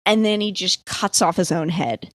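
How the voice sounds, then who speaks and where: A woman's voice: lowish voice, expressive, normal speed, no room sound, studio quality. A young woman from the East Coast telling a dream story in casual podcast chat, full of "like" and freely swearing. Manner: rambling, filler-heavy, swears freely. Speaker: podcast guest.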